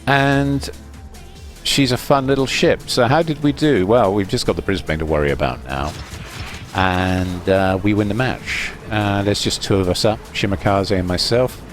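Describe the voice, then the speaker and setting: A man giving relaxed, rambling voice-over commentary on his own gameplay, with fillers and restarts. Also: lowish voice, moderate pace, faint music behind. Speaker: gaming commentator.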